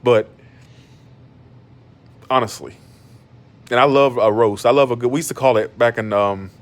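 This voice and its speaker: Man, 30s, from Georgia, casual and blunt streamer, mid-pitched. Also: normal speed. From Georgia, USA. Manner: blunt, animated and defensive, with many restarts. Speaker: YouTuber. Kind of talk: casual monologue on a live stream. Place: in bed at home.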